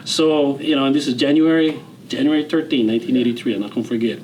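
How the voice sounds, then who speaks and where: Man, around 60, Hawaiian Pidgin-tinged accent, average pitch, easygoing interview storyteller with a slight hiss behind. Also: quick pace, poor audio. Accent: Hawaiian Pidgin-tinged English. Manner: relaxed, rambling, frequent fillers and restarts, chuckles. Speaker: interview guest, retired general.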